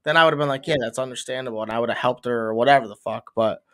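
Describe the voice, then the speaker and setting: A man's voice: medium pitch, very fast, fairly bright tone. A young man co-hosting a podcast, telling rambling stories in casual chat and swearing often. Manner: swears a lot, rambling storyteller. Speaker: podcast co-host.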